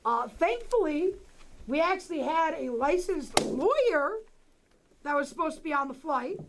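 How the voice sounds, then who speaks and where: A woman hosting a casual livestream, animated and exclaiming often, swearing freely as she talks to her viewers. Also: high-pitched, unhurried, noisy background. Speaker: livestream host.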